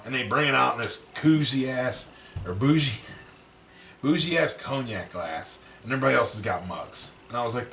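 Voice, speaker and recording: A man's voice: medium pitch, fairly quick, gravelly, distant mic. A man co-hosting a podcast, telling stories in casual chat, profane and laughing often. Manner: animated, profane, laughs often, acts out quotes. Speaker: podcast co-host. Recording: roomy echo, a bit off-mic, faint background noise.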